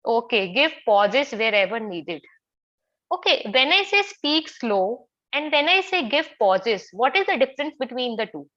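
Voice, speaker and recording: A woman with an Indian English accent runs an online public speaking class, repeatedly asking questions and restating her points. Her high, bright voice is sing-song and unhurried, and the video call audio sounds slightly dull and lo-fi.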